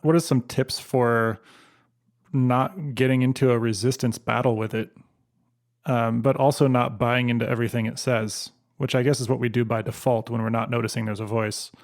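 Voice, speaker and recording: A man's voice: medium pitch, steady tone, moderate pace. A man hosting a podcast, asking thoughtful questions in conversation. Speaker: podcast host. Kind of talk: interview conversation.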